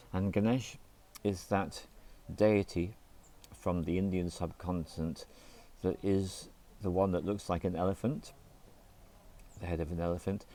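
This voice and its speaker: A man acting as a spiritual teacher, explaining a mantra slowly and deliberately and spelling out its syllables one by one. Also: deep voice, a little mellow.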